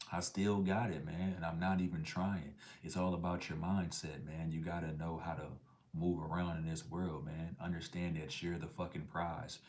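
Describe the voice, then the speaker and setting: A middle-aged man with a very low, darkish voice hosts a casual livestream, reading chat messages in a laid-back, slangy style. His tone stays level at normal speed, though he sometimes drops to a whisper for an aside.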